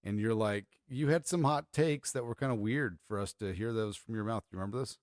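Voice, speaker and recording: A man co-hosting a podcast in casual chat, telling stories fast and acting out other people's lines. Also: on the low side, no echo, studio quality. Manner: quick, animated storyteller who acts out quotes. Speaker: podcast co-host. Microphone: podcast microphone.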